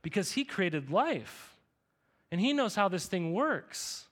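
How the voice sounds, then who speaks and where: A man's voice: sits high, big pitch swings, slow pace, a bit bright. A man preaching a sermon as pastor, in a casual, conversational way, often checking in with "right?" and "okay?".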